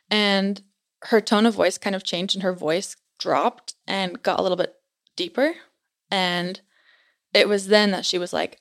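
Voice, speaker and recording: A woman's voice: mid-range voice, steady tone, normal speed. A young woman casually telling a spooky story to a friend, chatty and full of "like" fillers.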